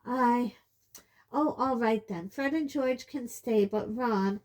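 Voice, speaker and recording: A woman reading an audiobook, voicing a distraught, fiercely protective middle-aged mother with a shrill, emotional manner. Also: slow pace, a little mellow. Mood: upset, shouting. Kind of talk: audiobook character voice.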